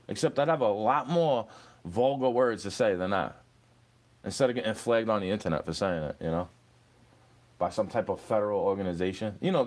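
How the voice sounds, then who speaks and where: A young man in an angry, profane rant aimed at an online troll. His pitch swings widely as he lectures and taunts, and he keeps falling back on "bro.". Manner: profane, confrontational, repeats "bro".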